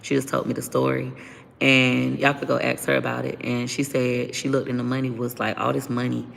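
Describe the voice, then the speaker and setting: A woman speaks as an interview guest, blunt and profane as she airs her story. Her voice is deeply gravelly with constant fry and stays flat in pitch. The room adds a lingering reverb, with faint noise underneath. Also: a little fast. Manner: blunt and profane, vents openly. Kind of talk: candid personal storytelling.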